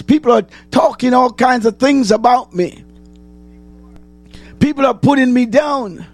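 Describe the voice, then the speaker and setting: A man preaching a sermon, asking the congregation questions and answering them, repeating phrases and rising to shouts. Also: very high-pitched.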